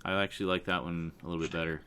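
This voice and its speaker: Guy with a really deep voice chatting on a stream, reads out viewer comments. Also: flat delivery, racing, a crowd in the background. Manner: reads viewer comments aloud, laughs often. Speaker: livestream co-host reading chat. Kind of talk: casual chat.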